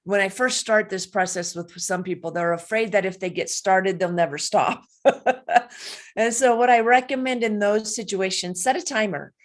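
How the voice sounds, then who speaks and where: A middle-aged woman coach answering interview questions, earnest and animated, telling personal stories with light laughs. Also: mid-range voice, moderate pace. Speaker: guest, coach and speaker.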